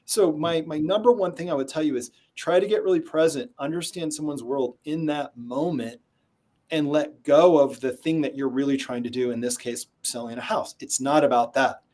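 Man, slightly high voice, interview guest, sales trainer, lively storyteller. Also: normal speed. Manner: animated storyteller who acts out quotes.

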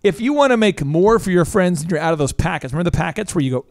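Energetic male business podcast host. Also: high voice. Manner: animated, jokey, quick asides and voice impressions. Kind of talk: energetic casual business talk.

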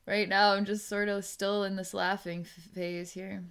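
A woman psychic giving an energy reading, musing aloud in a halting way and restarting her sentences as she goes. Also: mid-range voice, fairly bright tone, clear, resonant tone. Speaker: psychic reader.

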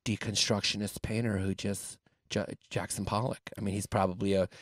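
A man co-hosting a comedy podcast, riffing crudely on listener names with mocking, loud delivery. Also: fairly low pitch, level tone, brisk, dry recording, clean studio sound. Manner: crude, mocking, slips into put-on voices. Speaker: podcast co-host.

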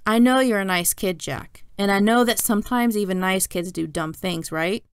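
A steady, serious school principal, as a woman reading a storybook puts him on, speaks patiently and in measured phrases. The voice carries a light gravelly edge. The sound is dry and close. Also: mid-range voice, no room sound, close to an everyday voice. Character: fussy, calm male school principal.

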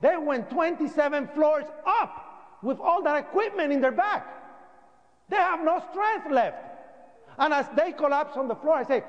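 Man, Puerto Rican accent, high voice, dull-sounding recording, speaking in a public talk. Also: normal speed, long reverb tail. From Puerto Rico. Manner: animated, acts out voices in his story. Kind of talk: public storytelling speech.

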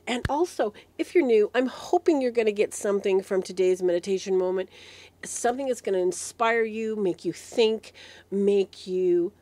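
A woman hosting a devotional meditation talk, recovering from a head cold, animated in her storytelling and clearing her throat often. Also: mid-range voice, no room sound. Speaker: host.

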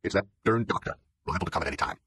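A man's voice: deep voice, lively intonation, rapid-fire, a bit bright, husky, dry recording, studio quality, exaggerated voice. A man reading an audiobook and voicing a toothless, self-pitying old farmer who speaks in a plaintive drawl.

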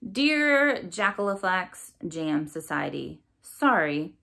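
A sulky young girl grudgingly writing apologies, as a woman reads her, her words dripping with sarcasm. The voice is bright and lively, a touch raised for the letters. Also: on the low side, takes it slowly, gravelly, full character voice. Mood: sarcastic. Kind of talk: storybook read-aloud.

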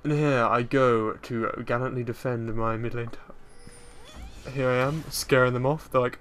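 A man's voice: medium pitch, little pitch movement, moderate pace, fairly bright tone, smooth. A man giving casual, rambling commentary over his own gameplay, joking at his own expense. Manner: rambling, self-mocking, jokey.

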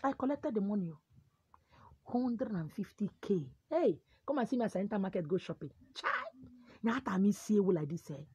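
A woman with a Nigerian accent telling a comic first-person story, dramatic and lively. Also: mid-range voice, a little fast, breathy edge, no room sound. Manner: dramatic, lively, code-switching.

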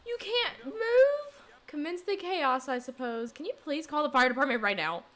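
A young woman giving casual let's play commentary on a life-sim game, reacting excitedly and dramatically to what happens on screen. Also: high voice, moderate pace. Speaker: gaming YouTuber.

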